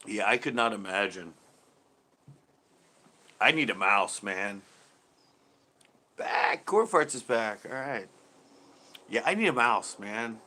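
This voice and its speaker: Laid-back guy hosting a chill livestream, kinda tired, chuckles a lot, lowish voice but bright and forward. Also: lively intonation, slow pace, long pauses. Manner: laid-back, chuckles often, trails off mid-sentence. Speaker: channel host reading live chat. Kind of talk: casual livestream chat.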